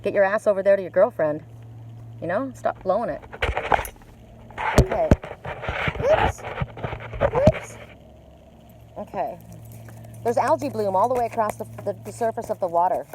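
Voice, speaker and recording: A woman streams a card reading live from beside a lake, chatty and blunt, with casual swearing. Her voice sits at an ordinary middle pitch for a woman. Faint traffic hums behind her outdoors. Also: fast. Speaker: oracle card reader.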